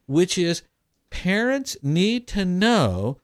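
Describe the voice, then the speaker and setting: A man co-hosting an advice talk, his voice sitting a little high and leaping around as he plays out parent and child exchanges. He sounds dry and close to the mic. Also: drawn-out words, no room sound. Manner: animated, acts out both sides of conversations. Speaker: co-host giving family advice.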